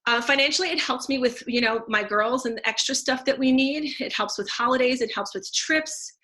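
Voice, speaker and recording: This woman in her thirties has a high, brisk voice with a sharp edge. A teacher and essential oils seller, she gives a casual, effusive testimonial about how the oils business helped her, stumbling through plenty of fillers and restarts.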